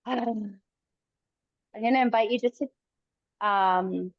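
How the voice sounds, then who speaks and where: A woman coaching a kettlebell workout live, giving calm encouraging cues in short phrases. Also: medium pitch, slow pace, no room sound, lo-fi sound. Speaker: fitness coach.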